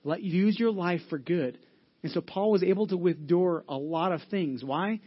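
Husky male pastor preaching casually. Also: sits high, normal speed, highs cut off. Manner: earnest, conversational preaching with frequent restarts and fillers. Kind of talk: sermon.

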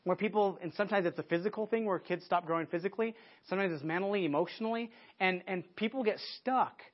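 A man preaching a conversational sermon to a church audience, lively and often restarting his sentences. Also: high voice, quick pace. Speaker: pastor. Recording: dull lo-fi sermon recording.

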